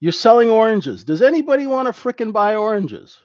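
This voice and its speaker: A man's voice: high-pitched, big pitch swings, fairly quick, darkish tone, no echo, lo-fi sound. A man teaching a live trading class in a conversational way, who keeps checking in with "right?". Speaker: trading instructor.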